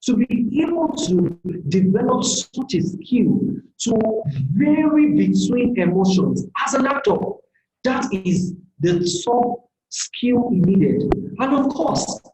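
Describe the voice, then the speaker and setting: A seminar speaker giving an earnest, motivational online career talk, often pausing on fillers. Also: mid-range voice, expressive, warm tone. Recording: roomy echoey sound.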